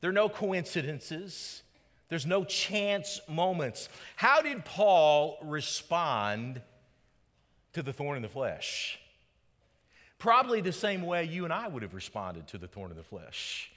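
A male pastor preaching with a lively, up-and-down delivery and a bright, forceful tone. He swings from loud rhetorical questions down to hushed emphasis. His voice carries a long reverb from a large hall. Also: on the high side, slow. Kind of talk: sermon.

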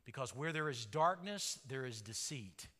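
A man's voice: mid-range voice, expressive, normal speed, pushed and bright. A man preaching a sermon as pastor, with fervent delivery that rises and falls. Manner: fervent, rising and falling delivery. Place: large church sanctuary. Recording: long hall reverb.

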